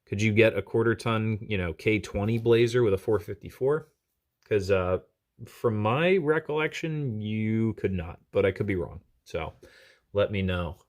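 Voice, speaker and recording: A man's voice: lowish voice, measured pace. A man casually talking through an unboxing, chatty and self-deprecating, thinking aloud with lots of fillers as he handles small parts at a desk. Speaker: diecast collector channel host.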